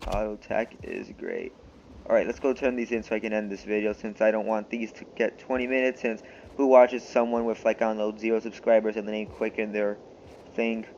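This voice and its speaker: A man's voice: fairly low pitch, fairly quick, darkish tone, lo-fi sound, slight background noise. A young man casually commenting on his gameplay, rambling and offhand, often poking fun at himself. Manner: rambling, offhand, self-mocking. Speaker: gaming channel host. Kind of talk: let's-play commentary.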